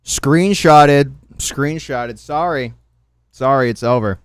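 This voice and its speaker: A man's voice: mid-range voice, slow, smooth, no room sound. A man streaming, reacting to clips with mocking, profane banter and frequent laughter. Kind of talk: casual reaction stream commentary.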